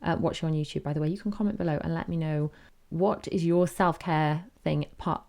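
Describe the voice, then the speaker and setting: A woman's voice: low-pitched, creaky, dark tone. A woman in her thirties hosting a solo podcast, chatty and candid, wandering off on tangents. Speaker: podcast host. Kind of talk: casual solo podcast talk.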